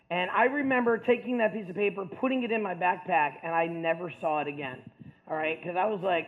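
A man from the Ohio Valley telling a story to an audience, casual and rambling, self-mocking, with lots of filler words. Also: high voice. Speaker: speaker. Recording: tinny phone-like sound.

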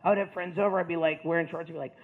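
A motivational speaker with a high voice tells students the story of his life at a racing pace, joking loudly in animated punchlines and then dropping into quieter, plainer stretches. The audio sounds narrow and tinny, like it's coming through a phone line.

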